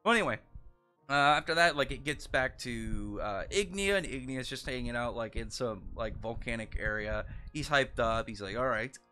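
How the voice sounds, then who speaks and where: A man's voice: medium pitch, expressive, normal speed, bright, forceful tone, faint music behind. A young man reviewing a manga chapter in casual solo commentary, rambling with frequent restarts and lots of filler words.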